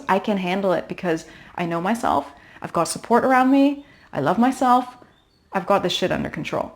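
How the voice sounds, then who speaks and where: A woman in her thirties gives heartfelt advice straight to camera. She talks warmly and emphatically as a pregnancy coach, and she stresses each point she wants to land. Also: mid-range voice. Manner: earnest, encouraging, emphatic. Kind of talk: direct-to-camera advice talk.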